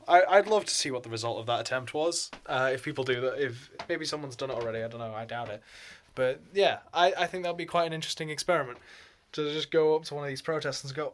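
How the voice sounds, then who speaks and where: A man's voice: on the high side, a bit bright. A man talking in a rambling, casual vlog, laughing often and swearing freely. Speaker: vlogger.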